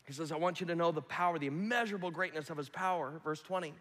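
A male pastor delivering a sermon in a large church hall, with a long echo trailing each phrase. His voice sits slightly high for a man. He alternates between ringing, climbing exhortations and soft, hushed, near-whispered passages. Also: fast talker. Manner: preaching, swinging from loud rising appeals to hushed near-whispers.

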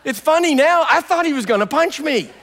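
An older man preaching a sermon, telling stories with big swings from quiet talk to loud bursts. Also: extremely high pitch, lively intonation, a little fast, slight background noise. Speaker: pastor. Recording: long hall reverb.

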